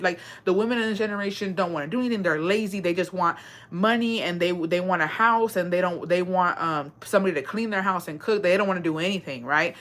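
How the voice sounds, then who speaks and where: A woman's voice: lowish voice, brisk, a bit bright. A woman chatting casually and bluntly, swearing freely and dropping Spanish phrases into her talk. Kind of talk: casual chat.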